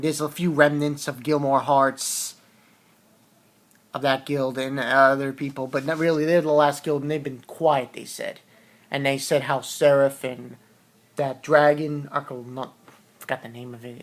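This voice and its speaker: A man's voice: medium pitch, steady tone, unhurried, a bit bright. Rambling man with a stuffy nose. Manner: rambling, hesitant, with frequent restarts and fillers. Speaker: manga reviewer. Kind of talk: casual chapter review.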